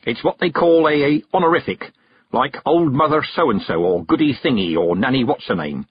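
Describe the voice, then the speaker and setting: A man reading aloud, voicing a stern, proud old woman witch with a husky, brisk and commanding manner. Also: medium pitch, expressive, dry recording, pitched above the performer's own voice. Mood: gruff. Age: older. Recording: dull, dry close recording.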